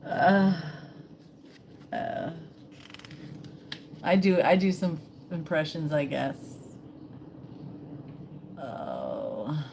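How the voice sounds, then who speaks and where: A woman chats her way through a live stream at an unhurried, drawn-out pace, reading bits aloud and tossing in jokes. Her voice sits a bit low, and steady background noise runs under the recording. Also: creaky. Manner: chatty, reads aloud and jokes along. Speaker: vlogger, live-stream host. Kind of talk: casual live-stream chat.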